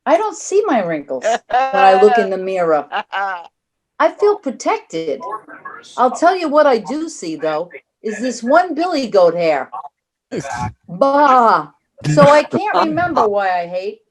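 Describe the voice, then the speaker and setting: A woman's voice: fairly high pitch, unhurried, crowd noise. A woman in her sixties from New York doing a stand-up set with a dry, wry delivery. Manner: dry, wry deadpan delivery of one-liners. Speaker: stand-up comic. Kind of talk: stand-up set over video call.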